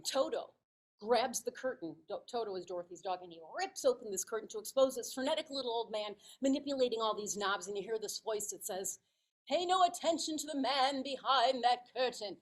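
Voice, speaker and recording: Woman in her fifties; animated speech-giver with a slightly high voice, dramatizes her story. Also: low-quality recording. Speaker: club speaker.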